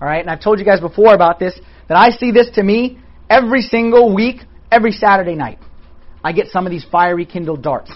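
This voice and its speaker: A man's voice: high-pitched, expressive, a little fast, lo-fi sound. A man who is a priest, giving a conversational sermon in an informal way and often checking in with his listeners. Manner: talks in an informal way, checks in with the listeners using "okay" and "all right".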